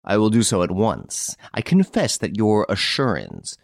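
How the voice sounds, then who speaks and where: A man reading an audiobook, voicing a proud, excitable middle-aged count who turns petulant and stammering. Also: fairly low pitch, a little slow, vocal fry, dry recording, clean studio sound, full character voice. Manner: petulant, then stammering and shaken.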